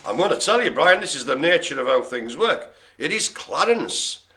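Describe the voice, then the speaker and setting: Male bingo host, bright and sharp tone, jokey banter. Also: on the high side, sing-song, normal speed. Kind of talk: live-streamed bingo calling.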